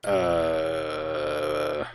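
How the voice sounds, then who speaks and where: A man's voice: a bass voice, level tone, drawn-out words, no room sound. A man streaming a video game, chatting casually and reacting to viewers' comments.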